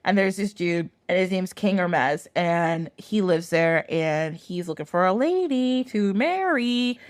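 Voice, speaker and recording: A woman's voice: fairly low pitch, animated, unhurried, no room sound. A woman voicing a scheming female witch disguised as a friendly maid, in a casual, mocking way.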